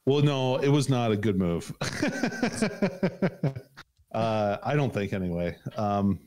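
Low-voiced man rambling with fillers. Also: big pitch swings, slow, a little mellow. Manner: rambling, laughs often, many fillers. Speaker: podcast co-host. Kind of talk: casual chat.

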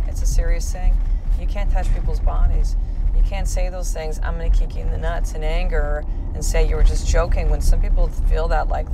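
Chatty woman podcast host, lowish voice. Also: noisy background. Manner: candid, chatty storytelling with many fillers. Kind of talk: casual podcast monologue.

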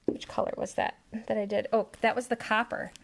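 A woman who owns an art studio, excitedly demonstrating a craft technique on a live stream, gasping and delighting at the results. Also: medium pitch, brisk, vocal fry. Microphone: phone or camera on live stream.

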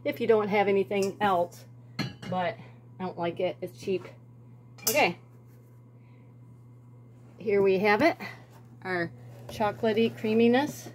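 A woman's voice: mid-range voice, a little slow, pauses often, a little mellow, a little hiss or hum. A woman, talking to herself and her viewers as she bakes in her home kitchen, with rambling asides. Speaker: home cooking vlogger. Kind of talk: casual kitchen chat.

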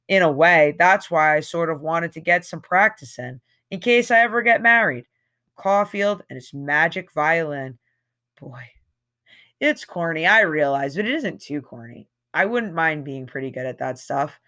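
A woman's voice: low voice, expressive, moderate pace, fairly bright tone. A woman reading a novel aloud in a casual, conversational way, with an occasional slip. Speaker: audiobook reader.

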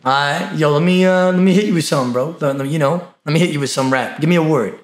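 A man's voice: on the high side, quick pace. Brash, echoey young man from Brooklyn. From Brooklyn, New York. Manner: brash, teasing, trash-talking slang. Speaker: streamer chatting with strangers. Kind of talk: casual video chat banter.

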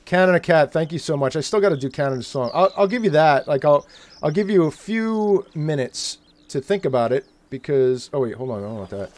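A man's voice: on the high side, brisk. A man hosting a live stream, talking energetically to his guests and swearing casually while he adjusts his setup. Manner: energetic, swearing, thinking aloud while fiddling with settings. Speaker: streamer, host.

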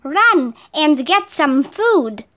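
A woman's voice: high-pitched, big pitch swings, very slow, fairly bright tone, highs cut off, exaggerated voice. A woman voicing a poor, fretful mother in a read-aloud storybook, pleading and fussing. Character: poor hard-working mother, fretful and hopeful.

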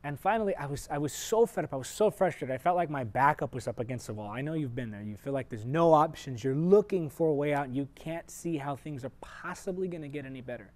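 Earnest higher-voiced male preacher. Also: expressive, fast talker, hardly any pauses. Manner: earnest, shifts sharply between loud emphasis and quiet asides; direct, personal address to viewers. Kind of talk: televised sermon teaching.

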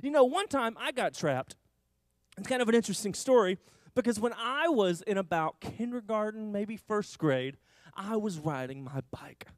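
A man leading a children's church lesson, telling stories to the kids with animated, exaggerated delivery. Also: high voice, normal speed, no room sound, studio quality. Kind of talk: children's sermon.

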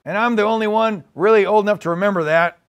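A man's voice: high-pitched, lightly acted. Man doing a rambling confused old president. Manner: halting, repeating himself, trailing off.

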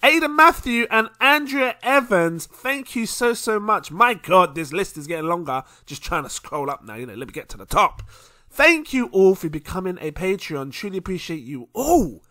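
Lively bright-voiced crypto vlogger. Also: male voice, high-pitched, normal speed. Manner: chatty, stumbling over names, laughing at himself. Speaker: crypto channel host. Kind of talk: casual shout-outs to supporters.

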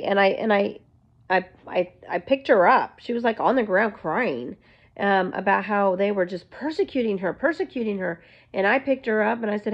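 A woman's voice: medium pitch, normal speed. A woman vlogger at home, telling an earnest, rambling faith testimony to her viewers. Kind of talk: casual faith testimony to camera. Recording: dull lo-fi recording.

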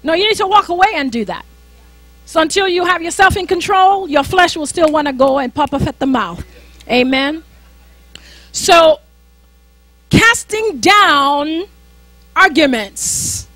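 Very high-voiced woman minister preaching. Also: expressive, unhurried, long pauses, sharp tone, no room sound. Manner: emphatic, conversational preaching with repetition. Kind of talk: sermon.

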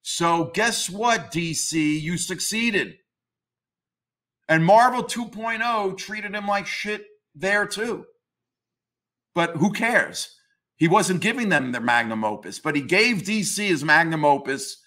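A man's voice: sits high, lively intonation, slow pace, bright, forceful tone. A man, a comics historian interviewed as a guest, arguing his views emphatically in a ranting tone and swearing casually. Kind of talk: opinionated interview talk.

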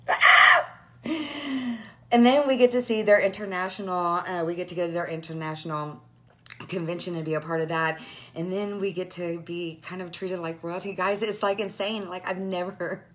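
A woman's voice: on the low side, fairly bright tone. A woman in her thirties, tearful and overwhelmed, talking in a gushing, rambling way on a live phone video to her followers. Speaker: direct sales team leader.

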